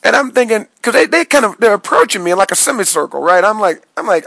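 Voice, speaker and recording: Excitable gravelly man telling a wild dream. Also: quick pace, poor audio. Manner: excitable, swoops into high yelps and low mutters. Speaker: vlogger recounting a dream. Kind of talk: animated storytelling monologue.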